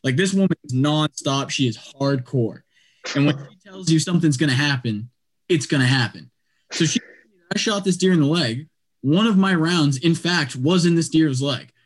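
Rambling, animated male storyteller. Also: a little high, normal speed. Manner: animated, rambling, heavy use of "like". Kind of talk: casual storytelling.

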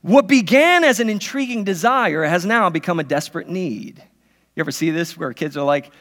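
A man's voice: sits high, expressive, moderate pace, a bit bright. A man in his thirties, a pastor, preaching a sermon in a conversational, story-telling way with many restarts. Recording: long hall reverb.

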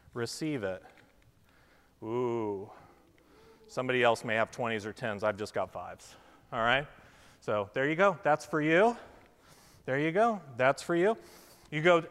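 A pastor on a church stage banters playfully with children in an object lesson, then reads scripture and reflects as part of his sermon. His mid-range voice is a bit bright with lively intonation, delivered a little slowly with long pauses. A long hall reverb fills the recording.

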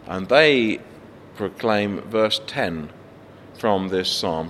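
A man reading a psalm and giving a gentle, thoughtful reflection as a pastor. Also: fairly low pitch, lively intonation, slight background noise. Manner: slow, gentle, thoughtful delivery with restarts. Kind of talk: reflective sermon with scripture reading. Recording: faint hall reverb, light background ambience.

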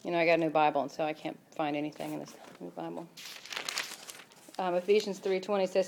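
A woman's voice: fairly low pitch, little pitch movement, fast, creaky, darkish tone, a little hiss or hum. Woman giving a casual, filler-heavy sermon. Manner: conversational, many fillers, rises to emphatic passages. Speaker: church speaker. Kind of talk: informal sermon.

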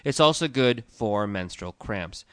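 A man with a low, smooth, resonant voice co-hosts a relaxed tea podcast. He explains and lists facts in a steady, informative way. The sound is dry and close. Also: unhurried, dry recording. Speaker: podcast co-host, tea shop owner. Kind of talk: casual informational chat.

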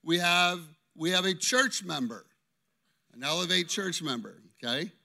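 Bright-voiced pastor, animated sermon. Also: male voice, sits high, measured pace, vocal fry. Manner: animated, constantly checking in with "okay?". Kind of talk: interactive sermon.

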